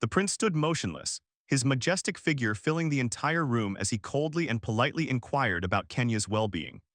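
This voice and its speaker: A man narrating a manga story recap in a steady, even storytelling delivery. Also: mid-range voice, fairly quick, dry recording, clean studio sound.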